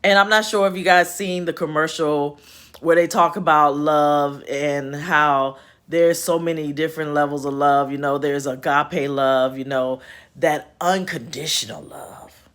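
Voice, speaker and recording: A woman's voice: low-pitched, fairly even intonation, a little slow, a bit bright. A woman hosting a casual spiritual chat from home, folksy and chatty with laughing asides. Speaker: host. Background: home repair noise.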